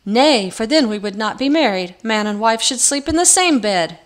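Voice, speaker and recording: A woman voicing an ugly old forest crone with a crackling, croaking voice. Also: fairly high pitch, animated, normal speed, natural voice. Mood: wheedling.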